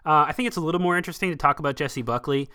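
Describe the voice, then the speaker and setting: A man hosting a casual film review podcast, talking in an animated, enthusiastic way. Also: a little high, rapid-fire, clear, resonant tone. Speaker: podcast host.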